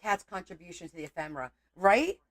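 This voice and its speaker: A woman with a slightly low voice chats loosely through a crafting video at her home table. She rambles with fillers and flares into exasperated outbursts now and then. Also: big pitch swings, fast, dry recording. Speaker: crafting channel host. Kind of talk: casual crafting chat.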